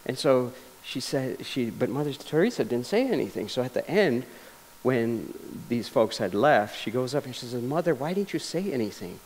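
A man's voice: mid-range voice, lively intonation, normal speed, a little hiss or hum. A man giving a public lecture, telling stories earnestly, with frequent restarts and fillers. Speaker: lecture speaker. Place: lecture hall.

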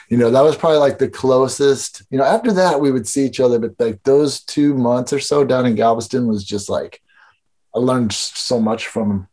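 A man's voice: mid-range voice, dark tone. Rambling, profane man from Illinois. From Illinois, USA. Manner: rambling, profane, heavy on filler words. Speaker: podcast guest, skatepark builder. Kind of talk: casual storytelling chat.

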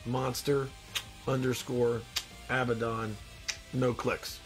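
A man's voice: mid-range voice, level tone, slow, soft background music. A man with a stuffy nose hosting a casual live stream, joking and rambling as he reads out viewer comments. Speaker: live-stream host in demon costume.

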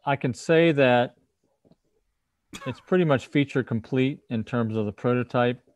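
A man's voice: mid-range voice, a little slow, dry recording. A man hosting a casual livestream tech talk over a video call, explaining things and often restarting his sentences. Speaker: host, firmware developer.

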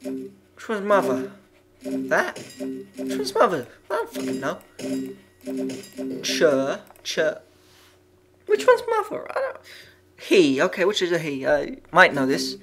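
A man's voice: on the high side, very animated, takes it slowly, gravelly, pauses often, fairly bright tone, faint music behind. A man playing a video game and commenting aloud, muttering, swearing often and reading the on-screen text as he goes. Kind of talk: let's-play commentary.

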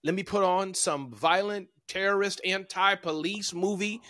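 A man's voice: high voice, moderate pace, sharp tone. A man who is a motivational speaker, a guest on a podcast, talking emphatically and laying out his advice in numbered points. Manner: emphatic, coaching, lists points. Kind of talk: interview conversation.

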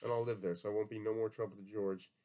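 A man voicing a slow, simple-minded big farmhand with a plaintive rural drawl. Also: fairly low pitch, fairly even intonation, mellow, lightly acted. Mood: pleading.

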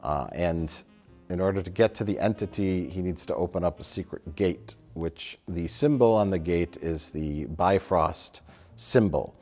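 A man's voice: low voice, measured pace, a little mellow, faint music behind. A man co-hosting a film review show, talking in a rambling casual way with fillers and swearing. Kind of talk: casual chat.

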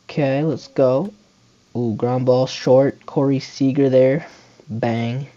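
A young man giving casual play-by-play commentary on a baseball video game, muttering calls between sudden excited shouts. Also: mid-range voice, takes it slowly, dull audio. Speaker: gaming channel host.

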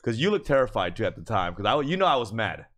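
A man co-hosts a casual podcast with a bright, forward voice that swings widely in pitch. He tells stories with animated energy and plenty of swearing. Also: fast talker, no echo, clean studio sound. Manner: animated storyteller, swears, laughs often. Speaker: podcast co-host.

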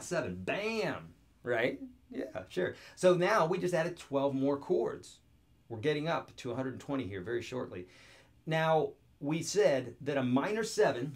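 A man teaching guitar chords in an online video lesson, upbeat and joking as he talks straight to the viewer. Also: medium pitch.

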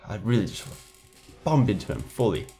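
A man's voice: on the low side, very animated, moderate pace, warm tone, slight background noise. A man giving casual gameplay commentary, frustrated, swearing and trash-talking his rivals. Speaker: gamer.

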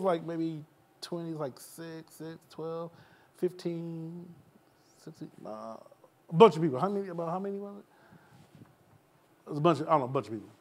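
At a casual church Q&A, a pastor with a fairly high-pitched voice shares a story from his own life. He laughs at his own jokes and performs the voices of the people in it.

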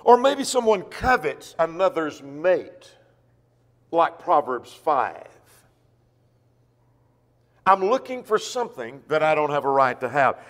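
A man's voice: fairly high pitch, very animated, slow pace, pauses often, big-room sound. A man preaching a sermon who reads scripture aloud and poses rhetorical questions to the congregation. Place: church auditorium.

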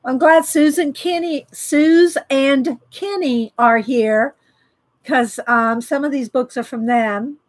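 A woman's voice: sits high, slow. A woman hosting a casual livestream from her home art studio, greeting viewers by name and rambling with fillers. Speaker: livestream host. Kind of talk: casual live-stream chat.

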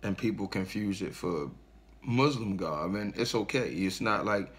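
A man's voice: on the low side, expressive, measured pace. A man delivering an aggressive, profane religious rant straight to his audience, preaching and mocking. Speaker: online commentator. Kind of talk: angry religious rant to camera.

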